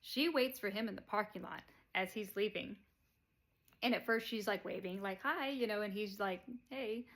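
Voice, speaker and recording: A woman's voice: medium pitch, steady tone, normal speed, fairly bright tone. A woman casually retells a movie plot in a rambling way. She leans on fillers and chuckles now and then. It sounds unscripted and easygoing. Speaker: movie reviewer.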